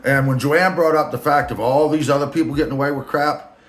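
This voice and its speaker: A man's voice: fairly high pitch, steady tone, brisk, fairly bright tone. A man telling a story to camera in a rambling, crude, joking way, filming himself. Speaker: vlogger. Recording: echoey room.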